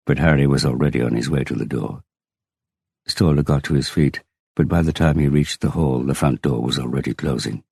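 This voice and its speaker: Audiobook: man narrator, extremely deep, gravelly, husky, dry close mic. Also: brisk, a little mellow, no room sound. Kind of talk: scripted narration.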